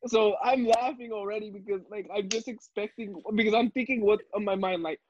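A man's voice: sits high, a little fast, highs cut off, a little hiss or hum. A man co-hosting a podcast, mostly reacting in short lines and laughing along to the story. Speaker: podcast co-host. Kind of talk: casual chat.

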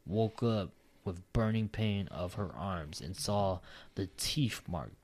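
Male podcast host, lower voice, reads listener stories aloud with crude, laughing asides. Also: slow, a little mellow, breathy edge. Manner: profane, laughing asides between read lines. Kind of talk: casual podcast chat, reading aloud.

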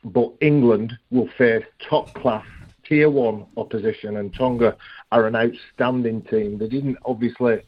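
A man's voice: medium pitch, fairly even intonation, measured pace. A man who is a rugby league guest, talking earnestly in a phone-in interview, often restarting and repeating words. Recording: dull dry phone line.

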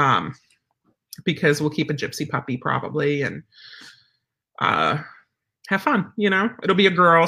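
A woman dog trainer chatting casually to viewers, rambling and filling pauses with um and you know. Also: low-pitched, pushed and bright. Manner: rambling, chatty, many fillers.

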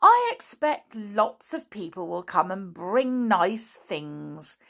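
A woman's voice: mid-range voice, huge pitch swings, slow pace, a bit bright, voice pushed up, full character voice. A woman voicing a vain, self-pitying young male bunny who talks in a whiny, fretful way.

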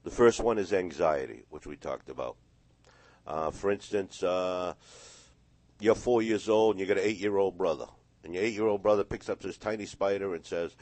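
A man's voice: low voice, a little fast, darkish tone, dry recording. A man, a hypnotist guest on a radio interview, telling stories and acting out the voices in them. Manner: storytelling, acts out quoted voices. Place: radio studio.

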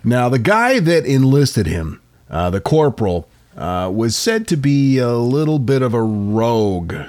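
A man co-hosting a podcast, telling an odd historical story in a casual, animated way. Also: mid-range voice, unhurried. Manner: animated storyteller with frequent uh fillers. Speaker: podcast co-host.

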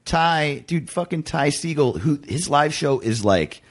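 A man hosting a podcast, telling excited stories in casual, swearing chat. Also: on the high side, measured pace. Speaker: podcast host.

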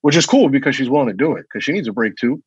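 A laid-back man talking casually in slang. His husky voice comes through a dull, muffled mic. The sound is dry. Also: medium pitch, lively intonation, rapid-fire, dry recording. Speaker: divorced father, guest. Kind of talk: casual chat.

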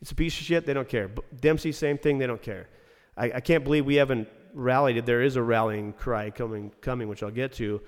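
A man's voice: mid-range voice, fairly quick, hardly any pauses. Brief: outspoken ex-rink manager, a man who swears freely, recorded in a reverberant room. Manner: blunt, profane, ranting. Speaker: former ice rink general manager. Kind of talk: casual podcast chat.

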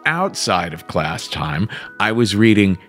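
A man telling a stand-up story with a dry, measured delivery. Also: lowish voice, big pitch swings, a bit bright, faint music behind. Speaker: stand-up comedian.

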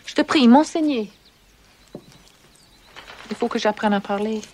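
An actress playing a young French princess who eagerly practises English words, speaking with a French accent in a period film. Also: female voice, a little high, moderate pace, a little mellow, slight background noise, lightly acted. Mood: playful, earnest.

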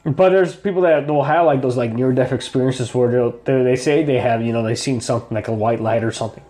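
A man's voice: medium pitch, quick pace, warm tone. A man in casual podcast chat, rambling with plenty of fillers and restarts. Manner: rambling, filler-heavy, hesitant. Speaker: podcast co-host.

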